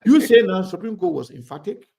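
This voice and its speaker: Host guy, high voice, keeps hammering the same question, interrupts a lot. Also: expressive, brisk, creaky, crowd noise. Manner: presses with repeated questions, cuts in. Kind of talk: heated political debate.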